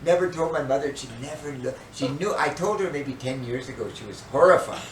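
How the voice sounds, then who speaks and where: An older man and podcast co-host, telling a story in casual chat with an animated, dramatic manner. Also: fairly high pitch, a little fast. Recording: echoey room, distant mic, faint noise.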